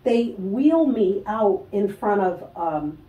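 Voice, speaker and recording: A woman telling a personal story as a guest in an interview, animated, acting out the voices of other people and laughing often. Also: mid-range voice, slow, reverberant, recorded from a distance, narrow, tinny audio. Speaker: guest, spiritual healer.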